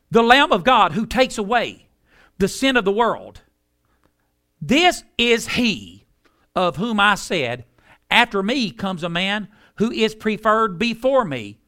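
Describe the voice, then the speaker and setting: A man preaching a sermon in a high, bright voice that swings widely up and down. He talks in an emphatic, folksy way and slows down to lean hard on key words.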